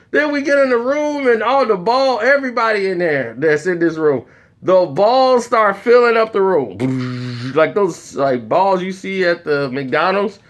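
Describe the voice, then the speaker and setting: A man telling a comedic story in an animated way, acting out the voices of the people in it. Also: high voice, measured pace.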